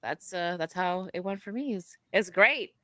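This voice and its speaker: A woman's voice: on the low side, expressive, moderate pace, sharp tone, dry recording, clean studio sound. A woman hosting a casual political livestream chat. She is outspoken, laughs often and reads out donations. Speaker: livestream host.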